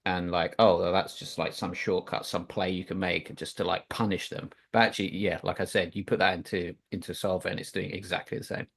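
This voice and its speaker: A man's voice: low-pitched, little pitch movement, a little fast, gravelly, few pauses, a bit bright. A man chatting casually about poker over an online call, rambling and filling gaps with "like". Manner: rambling, leans on "like" fillers.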